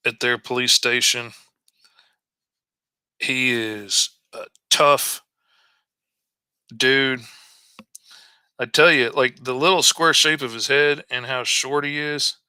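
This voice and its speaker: Chatty man with a bright voice. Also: medium pitch, smooth, no room sound. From Arkansas. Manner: folksy and chatty, drawls out stories. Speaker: comic artist streaming while drawing. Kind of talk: casual storytelling while drawing.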